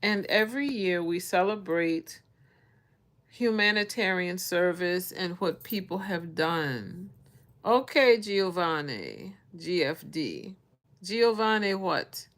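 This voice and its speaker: Slow-talking older woman chatting on a livestream. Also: lowish voice, expressive, a bit bright. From United States. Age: 60s. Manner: chatty, reads viewer names aloud. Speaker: vlog host. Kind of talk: casual livestream chat. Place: bedroom. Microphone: phone.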